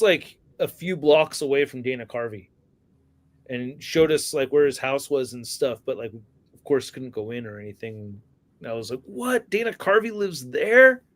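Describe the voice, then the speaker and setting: Rambling casual man with a higher voice. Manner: rambling, laughs often, swears. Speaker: podcast host. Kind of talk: casual chat about action figures.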